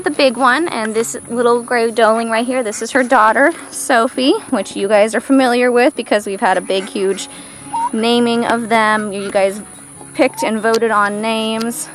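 Female vlogger, slightly high voice, casual farm-tour chat outdoors, coos baby talk at animals; music bed clearly audible. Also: moderate pace, fairly bright tone. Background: background music.

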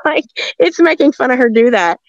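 A woman's voice: high voice, lively intonation, brisk, no echo. A woman telling a story in casual, rambling talk, often restarting her sentences. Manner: rambling, with restarts and frequent laughs. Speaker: guest recounting encounters. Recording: dull lo-fi sound.

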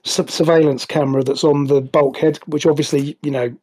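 A man narrates as game master over a voice call, circling back and restarting his sentences as he describes the scene. His voice is mellow and a little high for a man. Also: steady tone, a little fast, slightly rough. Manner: rambling, many restarts and fillers. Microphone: voice call headset.

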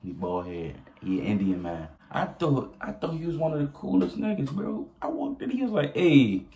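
A young man telling a story casually to his viewers, animated and profane, often laughing as he goes. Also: a little high, moderate pace, a little hiss or hum. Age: young adult. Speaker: vlogger.

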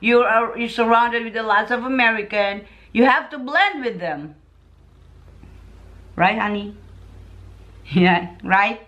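Filipina vlogger, Filipino accent, bright slightly high voice, slow and chatty. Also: female voice. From Philippines. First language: Tagalog. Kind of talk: casual chat.

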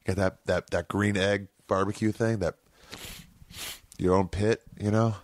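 A man's voice: on the low side, fairly even intonation, unhurried, dry recording. A man hosting a podcast, telling a long rambling story in casual, profane talk, often correcting himself mid-sentence. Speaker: podcast host.

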